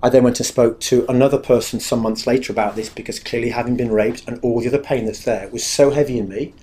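A man's voice: medium pitch, steady tone, fast, mellow. A man giving a candid, confessional spoken testimony about his own life, speaking earnestly and acting out remembered dialogue.

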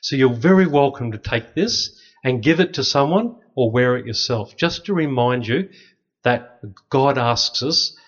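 A middle-aged man, a priest, telling lively stories with dry humor to an audience. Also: medium pitch, measured pace. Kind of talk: storytelling talk to an audience. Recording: slightly dull lo-fi recording.

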